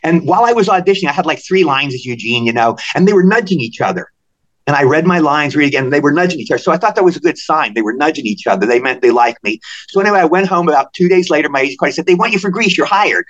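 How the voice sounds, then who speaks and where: An older man from Maryland, a podcast guest telling animated anecdotes and acting out the voices of people in them. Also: on the high side, racing, lo-fi sound. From Maryland, USA. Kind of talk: storytelling in a podcast interview.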